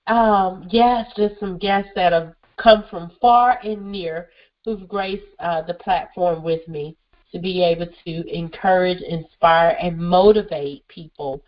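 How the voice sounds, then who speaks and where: A woman's voice: lowish voice, fairly even intonation, takes it slowly, muffled recording. A woman hosting her own radio show, talking enthusiastically and effusively, her voice a bit stuffy and congested from a cold. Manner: enthusiastic, effusive, repeats "listen" and "guys". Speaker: radio show host, therapist and motivational speaker. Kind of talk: upbeat solo radio show monologue.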